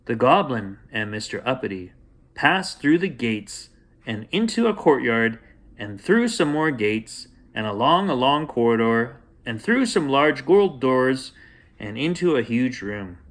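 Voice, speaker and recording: A man hosting and reading a bedtime story aloud in a gentle, playful way for children. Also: medium pitch, sing-song, measured pace. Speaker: storyteller host.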